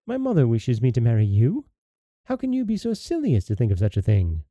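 A man's voice: medium pitch, huge pitch swings, fairly quick, dark tone, no echo. A man voicing a proud young princess who pleads in a raised, breathless voice. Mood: indignant.

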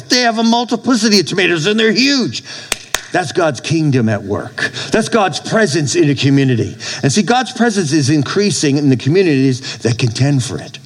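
Emphatic male pastor, somewhat high voice. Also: poor audio. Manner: emphatic, repeats phrases, calls for amens. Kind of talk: sermon.

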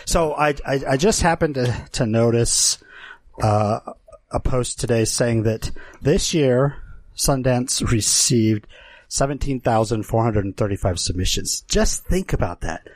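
A man's voice: mid-range voice, expressive, measured pace, no echo. An easygoing man co-hosting a casual podcast, laughing along with the others. His voice sits in a middle range. The recording is dry and close. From Utah. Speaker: podcast co-host. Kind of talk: casual chat.

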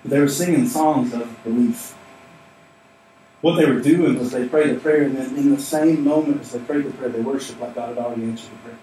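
A man preaches a sermon in a church, driving his points home through repetition. His voice sits at an ordinary pitch. It rings through a very reverberant room and sounds somewhat distant from the mic, with faint ambient noise behind him. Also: brisk, warm tone. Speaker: pastor. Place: church sanctuary. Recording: echoey hall, mic at a distance.

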